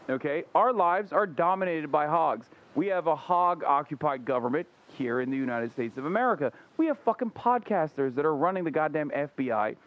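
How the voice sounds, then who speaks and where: A man ranting profanely in casual stream commentary, fast and emphatic. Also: fairly high pitch. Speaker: livestreamer. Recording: slightly muffled stream audio.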